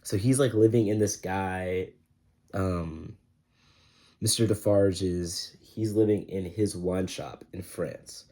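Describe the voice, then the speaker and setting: A man's voice: low voice, fairly even intonation, takes it slowly, warm tone. A young man giving a casual, rambling book review, full of slang and filler words.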